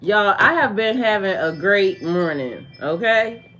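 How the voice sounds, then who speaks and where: A woman's voice: mid-range voice, lively intonation, a little slow, a bit bright, a little hiss or hum. A woman hosting a spiritual livestream, rambling in a casual, chatty way with many fillers, talking straight to her viewers and mocking the trolls. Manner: mocking and scornful toward trolls.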